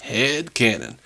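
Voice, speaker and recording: A man talks casually on a podcast, reading listener comments aloud and joking between them. His voice sits at an ordinary middle pitch, and he laughs easily. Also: vocal fry, sharp tone, husky. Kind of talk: casual chat.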